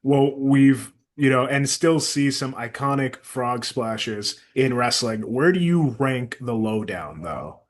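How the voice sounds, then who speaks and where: A man with an average pitch hosts a casual podcast interview. He puts questions easily and backs his guest up with short, encouraging replies. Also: animated, takes it slowly, few pauses. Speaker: podcast host.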